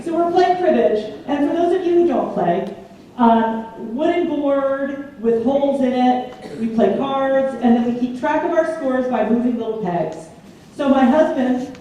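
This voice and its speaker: A woman speaking at a lecture in a mellow, fairly high voice, telling lively stories and acting out the voices she quotes. She is heard from a distance in a very echoey hall with a faint hum behind her. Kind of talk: public lecture. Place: large community hall.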